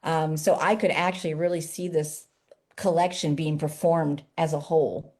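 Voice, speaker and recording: A woman who writes poetry for children, chatting lively in an interview over a video call. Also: sits low, normal speed. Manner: lively, chatty, laughs easily. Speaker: children's poet and author. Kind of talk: casual interview chat.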